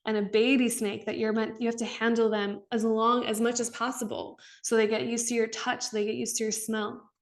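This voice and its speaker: A woman's voice: fairly high pitch, flat delivery, a little fast, few pauses. A woman in her twenties hosting a spiritual podcast, talking candidly and emphatically with many "like" fillers. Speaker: podcast host. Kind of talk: casual spiritual monologue.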